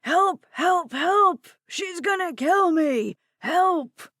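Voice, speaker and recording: A woman voicing a confused, frightened old grandfather who screams and shouts in panic. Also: on the high side, lively intonation, slow pace, slightly rough, dry recording, studio quality, full character voice. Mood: terrified.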